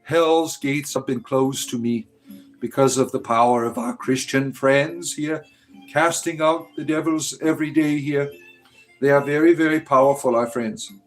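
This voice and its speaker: A man's voice: mid-range voice, steady tone, a little slow, faint music behind. A man hosting a livestream in casual chat, talking back to his viewers in a sarcastic, scornful way. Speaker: livestream host answering chat.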